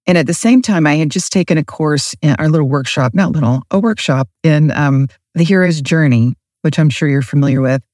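A woman author who chats loosely about her book, then reads her novel aloud in a steady storytelling voice. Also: deep voice, fairly quick, few pauses, no room sound, studio quality. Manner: relaxed, with fillers and restarts, then steady storytelling. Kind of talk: interview chat, then reading her own novel aloud.

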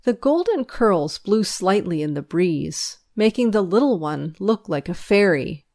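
A woman reading a school paper aloud, its news and its stories, in a measured, expressive storytelling way. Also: mid-range voice. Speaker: reader.

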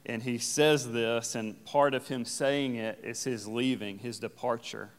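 A man preaching a sermon as pastor, reading scripture and explaining it in a relaxed, conversational way. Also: medium pitch, measured pace. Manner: conversational, paraphrases scripture in casual everyday phrasing. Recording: long hall reverb.

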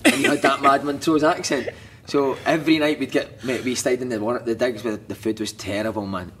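A man's voice: mid-range voice, a little fast, slight background noise. A Scottish man on a podcast, telling football stories in casual chat, laughing and acting out other people's lines. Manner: animated storyteller who acts out other people's lines, laughing and swearing.

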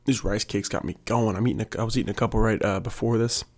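A man's voice: lowish voice, steady tone, quick pace, darkish tone. A young adult man, a PE teacher, rambling in a casual, jokey monologue and working himself up. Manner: jokey, self-mocking, gets worked up.

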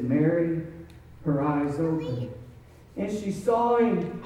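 A man's voice: high voice, animated, measured pace, warm tone. A man preaching a sermon, telling the story dramatically with a voice that rises and falls. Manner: dramatic storytelling, voice rising and falling. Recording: echoey hall, mic far off.

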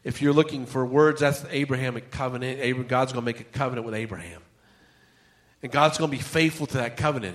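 A male pastor preaching a conversational sermon, telling Bible stories and acting out the characters' lines. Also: medium pitch. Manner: conversational storytelling, acts out quotes.

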